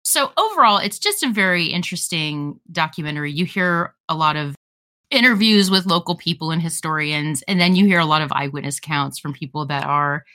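A woman co-hosting a casual podcast, chatting enthusiastically about what to watch. Her voice sits low but swings widely, with a bright, forceful edge. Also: expressive, fairly quick. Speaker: podcast co-host recommending films.

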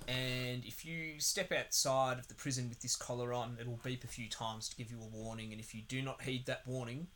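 Aussie guy ranting about a movie on a podcast, lots of swearing, bright forceful voice. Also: medium pitch, steady tone, moderate pace, slight background noise. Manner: sweary, sarcastic, rambling. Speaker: podcast co-host. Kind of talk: casual film review chat.

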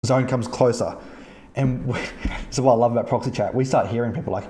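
Profane podcast host in an echoey room. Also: male voice, medium pitch, fairly quick. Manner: animated, profane, acts out quoted players. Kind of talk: casual storytelling chat.

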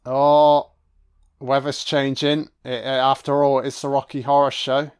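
A man's voice: mid-range voice, flat delivery, a little slow, clear, resonant tone. A man giving a casual, profane and sarcastic film commentary as host.

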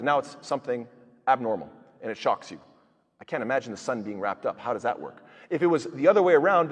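Fast-talking man giving a Quran lecture. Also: mid-range voice, breathy edge, long reverb tail. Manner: explanatory, rhetorical questions, frequent fillers. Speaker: Quran teacher. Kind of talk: tafseer lecture.

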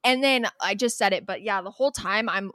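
A woman's voice: medium pitch, brisk, no echo. A young woman co-hosting a casual podcast recaps her own story, putting on voices for the people in it and laughing as she goes. Her voice sits in the middle of her range and comes across dry and close, with no room sound. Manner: animated storyteller, acts out quoted people, laughs often. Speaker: podcast co-host. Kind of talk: casual chat recapping a reality show.

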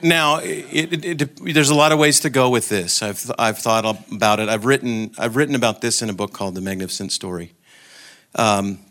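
A man's voice: medium pitch, moderate pace, a bit bright. A man giving an informal talk to a group, telling anecdotes and joking, with frequent restarts. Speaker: guest speaker.

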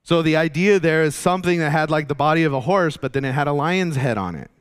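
A man's voice: on the high side, quick pace, smooth. A man teaching a Bible study in a conversational, explanatory way, with many fillers and restarts.

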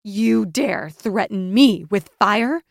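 A woman voicing a cold noblewoman whose voice climbs to a shrill, fearful pitch. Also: fairly even intonation, moderate pace, creaky, dry recording, studio quality. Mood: shrill, frantic. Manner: cold, rising to shrill rage.

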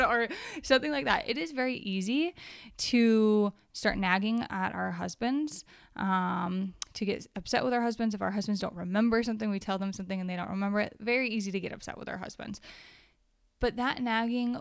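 A young woman gives a casual devotional Bible study in an earnest, conversational way. She reads the verses aloud. Her voice has a gravelly fry, and the sound is dry and close. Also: mid-range voice, no echo.

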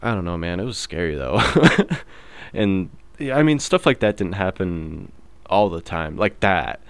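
A man's voice: sits low, big pitch swings, a little slow, clear, resonant tone, no room sound. A young man in his twenties, hosting his own podcast and telling stories in a laid-back, swear-heavy way, full of fillers. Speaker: podcast host. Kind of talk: casual storytelling monologue.

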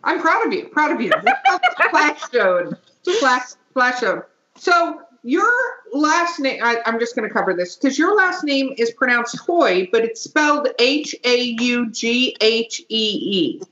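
A woman's voice: a little high, sing-song, takes it slowly, bright, forceful tone. Tipsy woman podcast host, echoey room. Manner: joking, laughs often, swears casually. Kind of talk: casual chat. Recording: echoey room, dull lo-fi sound.

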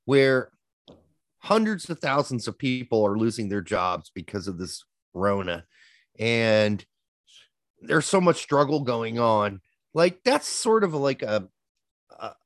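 A man with a medium-pitched voice co-hosts a soccer podcast, telling stories and ranting in casual chat with plenty of swearing. The recording has studio quality and no room sound.

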